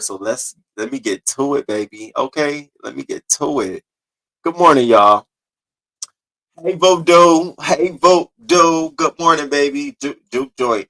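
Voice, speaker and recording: A man with a bright, forward voice hosts a live stream show in a casual, profane way. He greets viewers one by one with playful, singsong shout-outs. His pitch sits in the ordinary middle range for a man.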